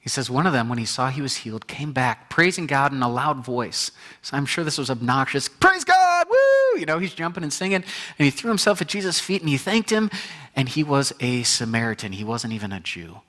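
A man preaching a sermon as a pastor, telling the story with lively acted-out quotes and moving between loud, bright moments and hushed, quiet ones. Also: mid-range voice, fairly quick.

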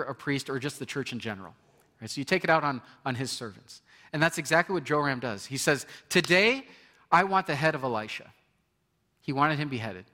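A man's voice: a little high, bright, forceful tone, long reverb tail. A man preaching a sermon as pastor, conversational, asking the congregation questions and acting out quoted people.

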